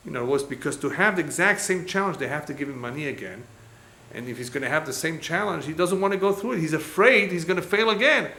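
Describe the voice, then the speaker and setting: A man teaching as a rabbi, telling stories in an animated way and acting out the dialogue as he lectures. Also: sits high, fairly quick. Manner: animated storyteller, acts out quoted dialogue. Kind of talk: lecture with storytelling. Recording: echoey room, faint background noise.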